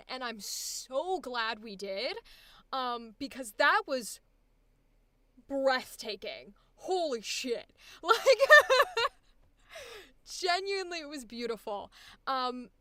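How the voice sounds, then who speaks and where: A young woman leading a live voice acting coaching session, chatty and encouraging and quick to laugh. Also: sits high, sharp tone, no echo.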